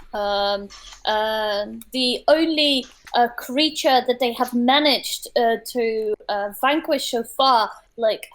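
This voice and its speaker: A woman's voice: a little high, slow pace, rough recording. A young woman running a tabletop game from her attic, hesitant and full of fillers. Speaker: game master. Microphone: home mic in an attic.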